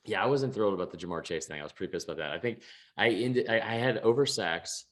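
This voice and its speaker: A man's voice: on the low side, expressive, quick pace, fairly bright tone. A young man co-hosting a sports podcast, chatting casually, rambling with lots of restarts and swearing. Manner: rambling, swears a lot, many restarts, laughs at himself. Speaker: podcast co-host. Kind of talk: casual chat.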